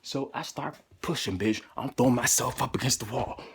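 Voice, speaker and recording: A man telling a personal story in a vlog, animated and profane, jumping into high excited voices when quoting himself. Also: a little fast, slightly rough.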